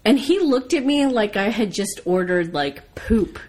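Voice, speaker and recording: An American woman chatting casually, telling a lively story and swearing freely. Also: mid-range voice, measured pace, breathy edge. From United States. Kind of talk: casual chat.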